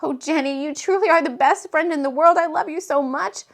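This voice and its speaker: A woman's voice: sits high, brisk, voice pushed up. A woman playing a frantic, tearful pop star.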